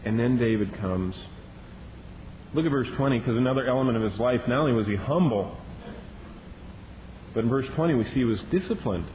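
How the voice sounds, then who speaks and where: A man preaching a sermon as a Bible teacher, telling the story in a lively way and acting out the lines he quotes. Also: medium pitch, brisk, pauses often. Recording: dull lo-fi recording with long reverb and faint hiss.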